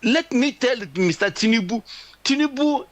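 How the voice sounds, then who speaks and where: A man's voice: very high voice, expressive, moderate pace, poor audio. A man from Nigeria calling in to a talk show, speaking emphatically with many repetitions and restarts. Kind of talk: impassioned political commentary.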